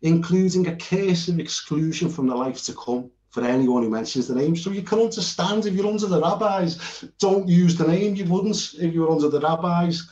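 A British Bible teacher with a slightly high, darkish voice gives an informal, earnest lesson with notes on screen. He rambles and often restarts his sentences. The recording sounds roomy, dull and lo-fi.

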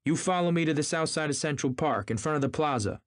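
A man's voice: a little high, fast, no echo, studio quality, voice pushed up, lightly acted. A man voicing an impatient, domineering wealthy man who speaks curtly and sharply. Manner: curt and sharp.

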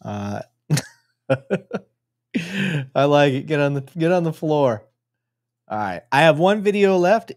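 A man's voice: mid-range voice, a little mellow, no echo, studio quality. A man hosting a live stream and commenting casually on video footage, joking and swearing freely. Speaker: host.

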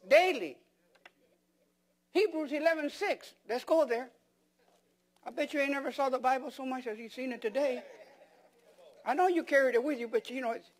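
High-voiced man preaching with emphatic questions. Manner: repeats words and restarts phrases for emphasis. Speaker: pastor. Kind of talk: sermon.

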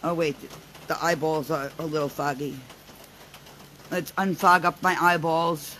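A relaxed vlogger talks slowly while trying out face filters. The delivery is chatty and giggly, like someone struggling to keep a straight face. A faint background noise sits under the voice. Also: medium pitch, rough recording.

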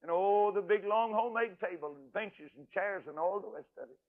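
A man's voice: sits high, fairly quick. Folksy older man preaching over tinny radio. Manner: folksy, emphatic, swings from loud to hushed. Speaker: evangelist preacher. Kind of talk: folksy storytelling sermon. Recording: tinny radio broadcast audio.

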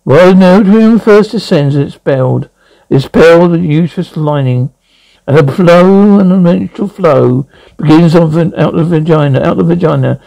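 A man's voice: on the high side, vocal fry, dark tone, dry recording, poor audio. A man retelling a cartoon episode in a loose, rambling way, with frequent halts and restarts as he voices the dialogue. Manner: rambling, halting, many restarts.

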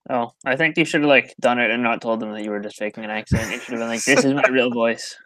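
A man with a bright, sharp voice hosts a livestream call, cracking teasing jokes at his guest while he fiddles with the settings. His pitch is ordinary. The sound is dry and close to the mic. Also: racing, dry recording. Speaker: livestream host. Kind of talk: casual chat over a voice call.

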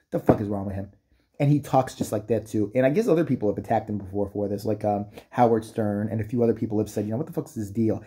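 A man's voice: fairly low pitch, quick pace, dark tone, husky. A man delivering a profane, mocking comedic rant, breaking into exaggerated impressions. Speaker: comedic commentator. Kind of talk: ranting comedic commentary.

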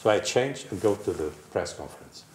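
A man's voice: on the low side, expressive, fairly quick, a little mellow. An older man telling a racing story to friends on a panel, acting out voices and crash noises and laughing often. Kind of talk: casual anecdote among friends. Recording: roomy echo with faint background hiss.

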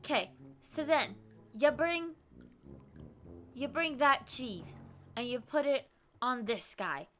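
High, bright-voiced excitable woman streamer. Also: slow pace, pauses often, a little hiss or hum. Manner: loud, excitable, bossy step-by-step instructions, laughing often. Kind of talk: casual gameplay chat.

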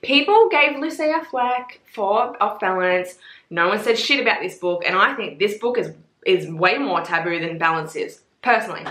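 A young woman, talking bluntly and excitedly about books in a casual, sweary vlog. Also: medium pitch, moderate pace. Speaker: book reviewer. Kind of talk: casual book recommendation vlog. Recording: roomy echo.

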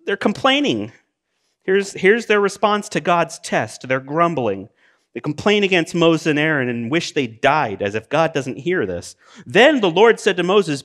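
With lively intonation and a normal speed, a middle-aged pastor preaches, reading passages of scripture and adding conversational asides. His delivery moves back and forth between loud exclamations and quieter, lower remarks.

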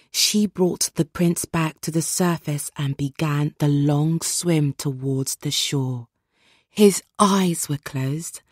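A woman reads a children's storybook aloud with measured, expressive narration. Her voice is low and breathy, and the recording is close and completely dry. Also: no echo. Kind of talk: scripted read-along narration.

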